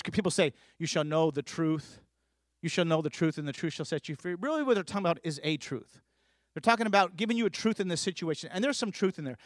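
A man's voice: sits high, no echo, clean studio sound. A man preaching a sermon, telling stories and building to fervent emphasis. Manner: storytelling, rising to fervent emphasis.

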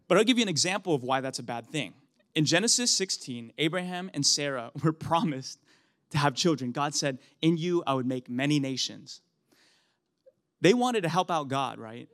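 A man's voice: fairly high pitch, lively intonation, fairly quick. A young man giving a casual, conversational sermon, often laughing and restarting his sentences. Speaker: preacher.

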